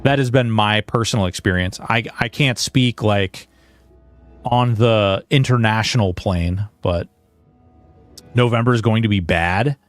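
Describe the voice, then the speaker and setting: Talking into a headset, a man streams a video game with earnest, rambling livestream chat and commentary, restarting often. His lowish voice is a little slow, the recording dry with faint music behind.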